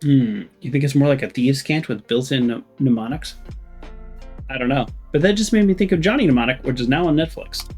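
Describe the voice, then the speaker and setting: A man's voice: mid-range voice, brisk, darkish tone, soft background music. A man commentating a game playthrough, joking and rambling, and reading the characters' lines aloud in playful voices. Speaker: let's play host.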